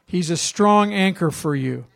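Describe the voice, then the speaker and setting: Telling stories as he preaches, a pastor often turns to his congregation with questions. He sounds gravelly and a bit high for a man, animated yet unhurried.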